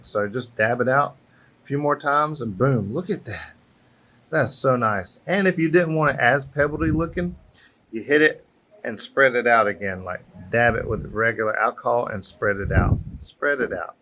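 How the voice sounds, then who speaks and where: An airbrush artist teaches a craft in a casual tutorial on an outdoor patio, chatting, encouraging and thinking aloud as he works. His mid-range voice has a fairly bright tone, and the camera-mic recording carries slight background noise.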